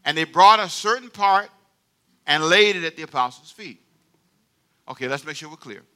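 A man preaching a sermon as pastor, playful and animated, drawing the congregation into call-and-response. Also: a little high, moderate pace.

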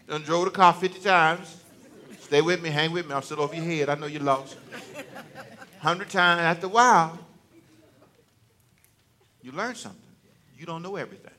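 A man's voice: on the high side, moderate pace, long pauses, pushed and bright, a faint crowd. A male preacher giving a conversational, joking sermon to a church congregation, teasing and talking directly to them.

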